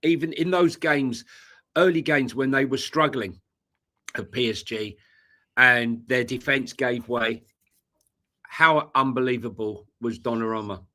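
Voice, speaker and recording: A man's voice: mid-range voice, measured pace, pushed and bright. A man co-hosting a live football podcast, talking casually with lots of fillers and restarts. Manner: hesitant, many fillers and restarts. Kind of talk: casual live-stream chat.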